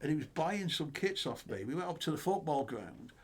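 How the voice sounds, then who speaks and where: A man, a co-host telling animated stories in casual chat and acting out the dialogue. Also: fairly high pitch, a little fast, breathy edge. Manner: animated anecdote-teller, acts out dialogue.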